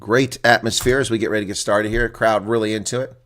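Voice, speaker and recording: A man's voice: lowish voice, steady tone, fast, fairly bright tone. A man hosting live rugby reaction commentary, reading out team lineups and chatting bluntly with viewers. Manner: chatty, blunt, exclaims often.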